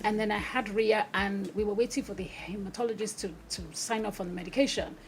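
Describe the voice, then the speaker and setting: A woman speaking candidly as a podcast guest, expressive and quick to laugh, her voice swinging from soft to loud. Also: medium pitch, slight background noise. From Nigeria. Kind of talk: candid conversational interview.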